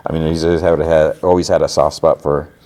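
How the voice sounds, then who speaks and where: Male podcast host, very low voice, warm and mellow, rambling casual chat. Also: flat delivery, fast talker. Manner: rambling, with frequent fillers. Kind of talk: casual chat recapping a TV episode.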